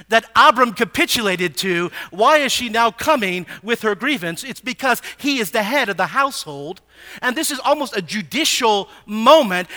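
A man teaching a Bible passage in a sermon, animated and asking his listeners frequent rhetorical questions. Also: sits high.

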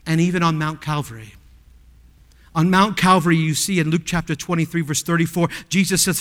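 A male pastor preaching a sermon, asking the congregation rhetorical questions and swinging from hushed tones to loud cries. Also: high voice, brisk, in a large hall.

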